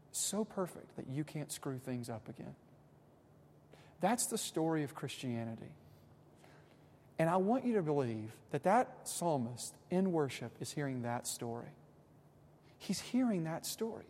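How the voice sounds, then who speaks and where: Delivering a sermon in a fairly high voice, a pastor alternates soft, reflective stretches with rising, emphatic points and drops in casual asides. A long reverb tail follows his words.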